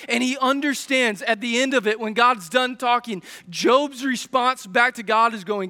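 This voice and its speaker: A man with a high voice preaches in a church sanctuary, putting direct questions to his listeners. His words trail off into a long reverb from the big hall, and he restarts his sentences as he works through his point. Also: normal speed, hardly any pauses, bright, forceful tone. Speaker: pastor. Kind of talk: sermon.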